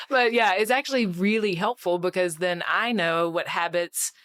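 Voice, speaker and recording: Brisk practical woman on a panel. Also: lowish voice, fairly bright tone, no echo. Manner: brisk, practical, laughing between points. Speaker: clinic owner and healthcare executive. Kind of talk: casual panel chat.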